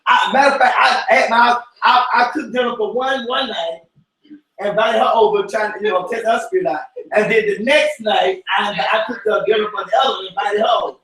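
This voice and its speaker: A man with a very high voice leads an informal church Bible study. His talk is animated and preachy, rising into shouts. He sounds far from the mic in a very echoey room. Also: fairly quick. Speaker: cell group teacher.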